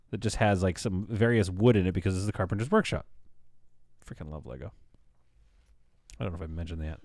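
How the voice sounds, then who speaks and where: A man's voice: fairly low pitch, darkish tone, dry recording, studio quality. Tired, joking man streaming at night. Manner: joking, rambling, talks to chat. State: tired from staying up all night. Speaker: live streamer. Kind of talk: casual live-stream chat.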